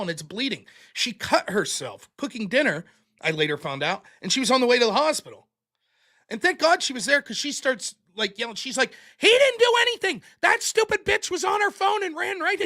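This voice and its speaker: Bright high-voiced man telling a story. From United States. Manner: animated storyteller, acts out quoted people with loud bursts, laughs often. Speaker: podcast host. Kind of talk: casual storytelling monologue.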